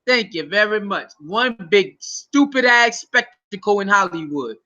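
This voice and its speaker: High sharp-voiced guy doing slangy excitable reaction commentary, dull lo-fi audio. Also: unhurried. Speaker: channel host.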